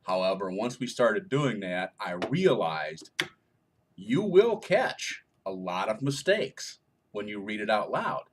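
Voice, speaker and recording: Guy with a husky voice, swoops around a lot, chatty q&a explaining stuff. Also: medium pitch. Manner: explanatory, jokey, animated. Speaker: co-author answering reader questions. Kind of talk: casual Q&A chat.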